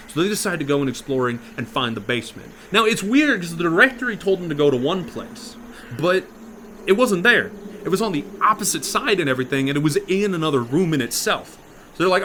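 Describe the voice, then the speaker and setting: A man improvising a horror story in a casual, profane way, dropping to a hush and then getting loud. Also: a little high, big pitch swings, a little fast, a little hiss or hum. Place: virtual reality chat room.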